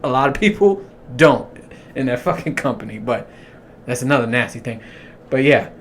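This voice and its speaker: A man's voice: mid-range voice, expressive, moderate pace, slight background noise. A man hosting a podcast alone, rambling profanely and laughing at his own jokes. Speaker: podcast host. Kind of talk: casual solo monologue.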